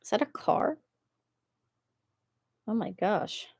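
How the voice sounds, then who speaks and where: A chatty woman reads online posts aloud on a live stream, giggling and stopping to add her own remarks. Her voice sits at an ordinary middle pitch. The sound is dry and close, with no room around it. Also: lively intonation, slow, a little mellow, breathy edge, no room sound. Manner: chatty, giggly, breaks off to comment. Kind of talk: casual live-stream reading.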